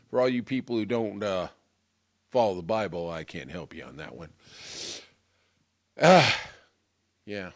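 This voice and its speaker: A middle-aged man hosting a political podcast, rambling through a jokey, self-mocking monologue. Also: fairly low pitch. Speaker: podcast host. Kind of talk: casual comic monologue.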